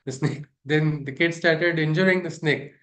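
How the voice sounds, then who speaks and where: A man leads a spiritual class, his voice sitting somewhat high. He talks in a loose, discursive way and keeps checking in with rhetorical questions. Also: normal speed, fairly bright tone. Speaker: spiritual teacher. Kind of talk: teaching a scripture class.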